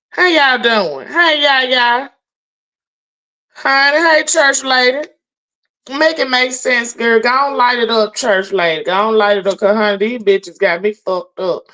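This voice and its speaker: Brief: a higher-voiced woman streamer, loud-mouthed and cussing, calling people out. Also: rough recording. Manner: brash, profane, mocking call-outs. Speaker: livestream host. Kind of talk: ranting live stream commentary.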